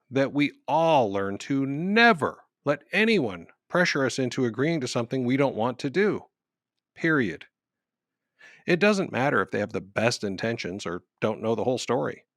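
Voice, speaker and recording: A man's voice: medium pitch, lively intonation, moderate pace, a bit bright, no echo, clean studio sound. A man hosting a podcast, giving wry, scripted commentary between story segments. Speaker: podcast host.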